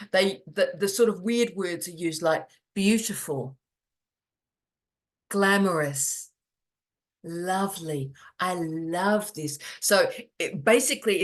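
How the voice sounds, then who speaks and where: Animated, jokey middle-aged academic host. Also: mid-range voice. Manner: animated, jokey, repeats words for emphasis. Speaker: academic host of online office hours. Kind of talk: casual chat on a video call. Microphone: video call.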